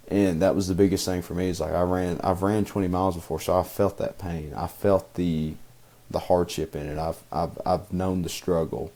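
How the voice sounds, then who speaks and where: A man's voice: deep voice, dark tone. A young man co-hosting a podcast, talking casually in a rambling way with many fillers and restarts. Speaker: podcast co-host. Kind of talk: casual chat.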